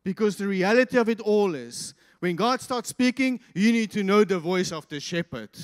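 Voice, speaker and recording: A man preaching a sermon as pastor, swinging from loud, impassioned peaks to quiet asides. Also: sits high, lively intonation, normal speed, hardly any pauses. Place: church hall. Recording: reverberant church hall.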